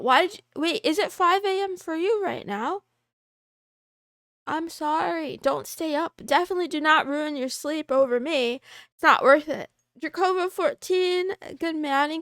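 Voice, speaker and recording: A woman with a high, bright-pitched voice talks casually on a livestream, reading out viewer names and greeting each one playfully. She throws in wry, self-mocking asides. The sound is close and dry, with no room around it. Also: no echo. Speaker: VTuber livestreamer.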